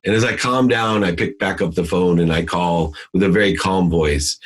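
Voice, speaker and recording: Husky low-voiced intense motivational man. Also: moderate pace. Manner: intense, emphatic, swings between loud and hushed. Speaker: podcast guest. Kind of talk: motivational storytelling.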